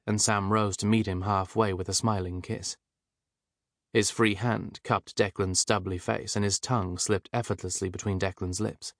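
A male audiobook narrator with a fairly low voice, reading in a measured, even way. The sound is dry and close, with no room around it. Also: creaky, no echo.

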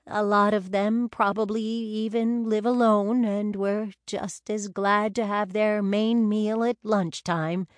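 A woman's voice: medium pitch, steady tone, takes it slowly, hardly any pauses, dry recording, natural voice. A woman voicing a shaken, tremulous older wife.

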